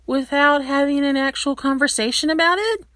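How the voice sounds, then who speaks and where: A woman's voice: high voice, a bit bright, no room sound, studio quality, voice pushed up. A woman doing a mouthy, flustered young man. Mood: flustered sarcastic. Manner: quick, sarcastic, flustered. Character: mouthy excitable young man, talks nonstop.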